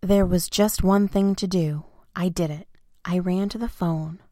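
A woman reading a children's storybook aloud in the first person, simple and expressive. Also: lowish voice, measured pace, no room sound, clean studio sound. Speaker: narrator.

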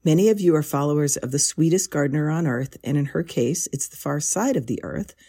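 A woman's voice: low voice, fairly quick, warm tone, husky. A woman hosting a gardening podcast, introducing guests with a friendly, lightly humorous manner. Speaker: podcast host.

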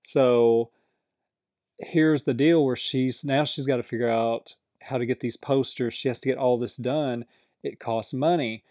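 A man's voice: medium pitch, steady tone, a little slow, mellow, no echo. A man casually retelling the plot of a TV episode in a rambling way, with many fillers and asides.

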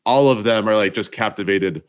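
A man's voice: on the low side, fairly quick, crowd noise. A man hosting a podcast, speaking earnestly and encouragingly about growth and mentors. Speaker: podcast host. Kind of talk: casual podcast conversation.

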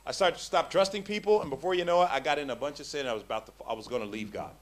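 Male preacher, animated sermon delivery with a raised pitch and restless restarts. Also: very fast. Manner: animated, swings from hushed to loud emphasis; stammering restarts when excited. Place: church.

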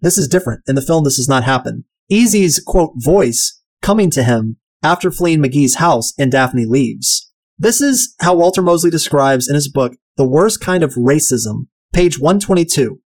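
Male reviewer, casual and profane, voice sits a bit high. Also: lively intonation, normal speed, a little mellow. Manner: blunt and profane, chatty. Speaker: book and film reviewer. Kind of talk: casual commentary.

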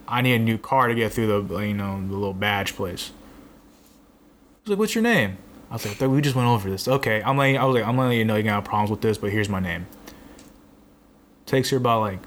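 A man's voice: fairly low pitch, fairly quick, a bit bright, slight background noise. A young man telling a rambling, exasperated story in casual chat, swearing now and then.

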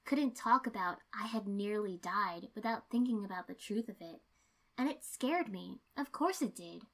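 Narrator: woman, calm first-person story reading, steady pace. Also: medium pitch, normal speed. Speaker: reader.

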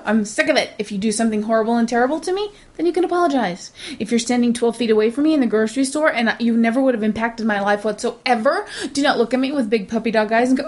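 Woman, podcast co-host, blunt, ranting, casual chat, slightly high voice. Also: fast, darkish tone. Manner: blunt, ranting, laughs often.

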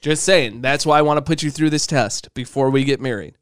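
A man's voice: medium pitch, a little fast, clean tone, no room sound, clean studio sound. A young man co-hosting a podcast, teasing and joking in casual chat with his partner. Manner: teasing, playful, jokey. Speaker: podcast co-host.

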